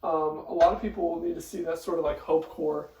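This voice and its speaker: A man's voice: on the high side, steady tone, brisk, warm tone, roomy sound, recorded from a distance, low-quality recording. A man talking casually to his viewers, rambling with lots of fillers and restarts while he is tearful. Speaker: vlogger. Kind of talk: casual confessional monologue. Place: home kitchen.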